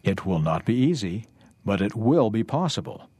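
A man voicing a calm, kindly male mediator who offers to pay the debt, read out in a steady, reassuring way. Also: fairly low pitch, moderate pace, husky, dry recording.

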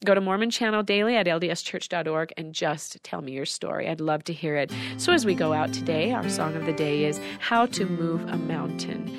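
A woman's voice: deep voice, a little fast, few pauses, loud music behind the voice. A woman hosting a daily devotional show, talking in an earnest, heartfelt way about her faith. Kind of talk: devotional talk.

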